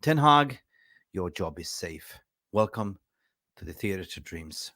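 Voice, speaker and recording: A man hosting a football fan channel, ranting with excited emotion. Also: low voice, takes it slowly, no room sound, clean studio sound.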